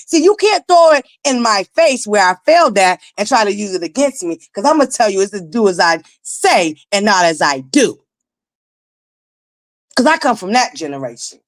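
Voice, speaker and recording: A woman in her forties with a naturally raspy voice, hosting a casual live-stream commentary, blunt and profane, talking straight to her viewers. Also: medium pitch, very animated, normal speed. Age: 40s. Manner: blunt, profane, emphatic, addresses viewers directly. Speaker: livestream commentary host.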